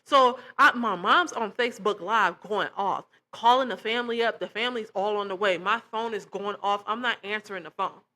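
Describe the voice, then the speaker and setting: A young woman vlogger telling a personal testimony to her viewers in an animated, emphatic way, often calling them y'all. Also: medium pitch, normal speed, hardly any pauses. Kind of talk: casual storytelling to camera.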